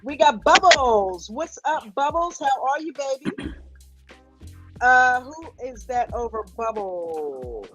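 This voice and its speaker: Playful high-voiced woman host. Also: expressive, slow, fairly bright tone, soft background music. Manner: playful, teasing, affectionate. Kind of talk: casual livestream greetings.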